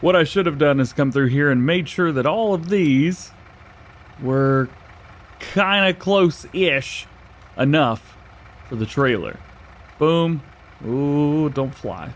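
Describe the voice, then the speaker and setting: A man talks his viewers through a farming game in a loose, chatty way, cracking jokes at his own expense. His voice sits a bit high and bounces up and down a lot, and he sounds slightly winded from recording so early in the morning. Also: a little hiss or hum. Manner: chatty, self-joking, laughs often. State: a little out of breath, early morning. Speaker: gaming YouTuber. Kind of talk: casual let's-play commentary.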